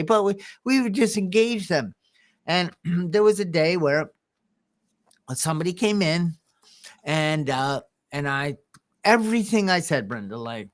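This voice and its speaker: Male co-host, slightly high voice, halting storyteller with restarts. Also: expressive, fairly bright tone. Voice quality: visually impaired speaker. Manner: halting, restarts and throat clearing. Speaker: podcast co-host and coach. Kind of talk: casual storytelling chat.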